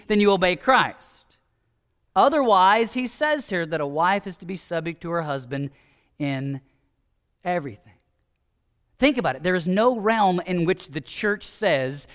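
Pastor guy preaching, kinda high voice, gets loud then goes quiet. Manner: animated, emphatic preaching that drops to soft asides. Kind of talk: sermon.

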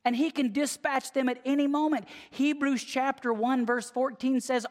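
A preacher delivering a conversational sermon, emphatic, swinging from lively to hushed. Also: high voice, normal speed, hardly any pauses. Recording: long hall reverb.

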